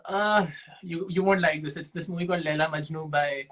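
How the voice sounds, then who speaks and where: A young man from Pakistan sits as a guest and fields quick-fire questions. His voice is bright and forward, set a little high for a man, and he answers casually. He pokes fun at himself and thinks out loud as he goes. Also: steady tone, rough recording. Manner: self-deprecating, thinks aloud with restarts.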